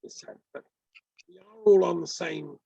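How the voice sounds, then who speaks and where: Gravelly man on a video call. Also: fairly high pitch, fairly even intonation, moderate pace, mellow, no room sound. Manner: rambling, earnest, with many ums. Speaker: peace activist on a video call. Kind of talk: casual discussion. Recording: dull lo-fi call audio.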